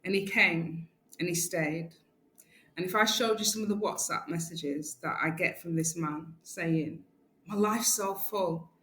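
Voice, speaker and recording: Animated woman telling a story in an echoey room. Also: on the low side, measured pace. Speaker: guest, community organiser. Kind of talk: casual storytelling interview. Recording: echoey room, faint background noise.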